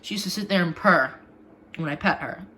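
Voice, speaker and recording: A woman talking in a casual home vlog, halting and often restarting her sentences. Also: on the low side, fairly bright tone, slight background noise. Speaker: vlogger.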